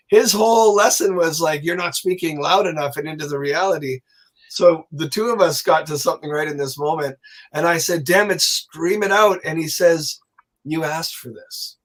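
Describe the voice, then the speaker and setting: A man telling a long personal story as a podcast guest, animated and swearing, acting out the voices of people he quotes. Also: on the high side. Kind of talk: casual storytelling.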